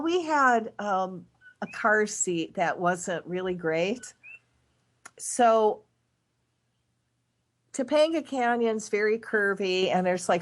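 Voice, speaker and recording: Brief: middle-aged woman, casual storyteller, mid-pitched, animated delivery. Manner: animated, dramatic swings in voice when retelling events. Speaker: guest.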